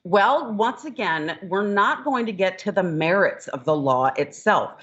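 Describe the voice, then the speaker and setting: A woman legal scholar, interviewed as a guest, explaining court matters in a measured, precise, lawyerly way. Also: medium pitch, lively intonation, fairly bright tone, highs cut off.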